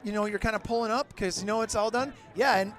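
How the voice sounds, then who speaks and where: A middle-aged man calling a local high school football game as play-by-play announcer, openly rooting for the home team and shouting on big plays. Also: steady tone, fast. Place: outdoors at a football field. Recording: crowd and outdoor noise behind. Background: crowd noise from the stands.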